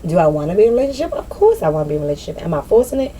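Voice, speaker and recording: A woman talking candidly in a personal vlog, slangy and animated, swearing and laughing at herself. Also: fairly low pitch, racing, slight background noise. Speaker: spiritual vlogger.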